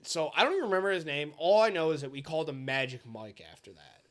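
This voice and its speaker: A young man in his twenties, co-hosting a podcast and telling a long, profane story in casual, animated chat. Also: a little high, fast. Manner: animated, swearing, bursts into loud impressions. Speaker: podcast co-host.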